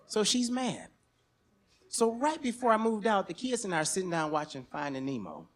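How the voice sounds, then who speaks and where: A man telling a personal story on stage in an animated, conversational, slangy way. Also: high voice, normal speed. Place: stage at a museum event.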